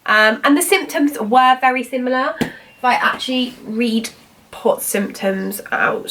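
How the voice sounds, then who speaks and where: A woman's voice: fairly high pitch, a little slow, bright, forceful tone, far from the mic. A woman, telling her own story in a rambling, chatty way, full of "like" and "I was like". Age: 20s. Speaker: vlogger. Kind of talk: casual personal storytelling.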